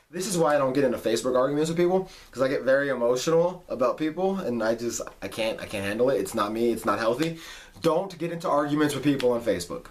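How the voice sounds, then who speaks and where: A man in his late twenties giving a heated, emphatic rant on his vlog, swearing freely. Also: on the high side. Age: late 20s. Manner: heated, emphatic, profane ranting. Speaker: vlog host. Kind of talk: ranting monologue.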